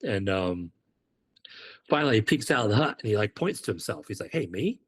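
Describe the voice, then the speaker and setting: Husky, fairly low, and brisk, the voice belongs to a former Marine from the United Kingdom who recounts stories casually on a podcast, animatedly acting out the quoted lines.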